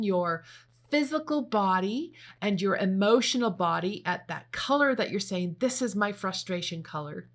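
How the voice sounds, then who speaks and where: A woman leading a guided meditation, giving slow, gentle spoken instructions. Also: mid-range voice, lively intonation. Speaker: meditation leader.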